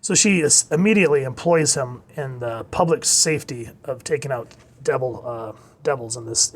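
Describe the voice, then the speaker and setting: A man giving a casual video review of a comic, retelling it excitedly with gasps and exclamations. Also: mid-range voice. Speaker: manga reviewer.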